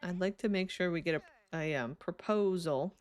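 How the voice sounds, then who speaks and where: A woman's voice: fairly low pitch, moderate pace, a little mellow. A young woman streaming a life-sim game, chatting casually and giggling as she talks to her characters, sleepy and yawning. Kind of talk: casual live game commentary.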